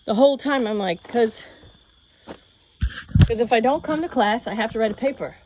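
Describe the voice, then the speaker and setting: A woman's voice: a little high, brisk, pauses often, warm tone. A woman in her fifties telling a personal story in a casual, rambling way, acting out the voices of people she quotes. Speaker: yoga channel host. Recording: slightly dull lo-fi audio with faint noise.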